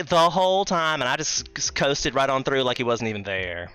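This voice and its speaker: A man in his thirties hosting a casual podcast chat, telling animated stories with swearing. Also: medium pitch, a little fast, smooth, no echo, faint music behind. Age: 30s. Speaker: podcast host.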